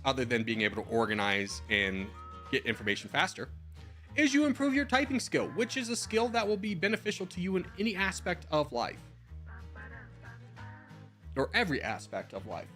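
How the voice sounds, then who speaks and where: A man's voice: fairly high pitch, big pitch swings, a little fast, bright, forceful tone, faint music behind. A man in his twenties, a streamer in casual chat, giving rambling advice with slang and the odd swear while answering viewer messages.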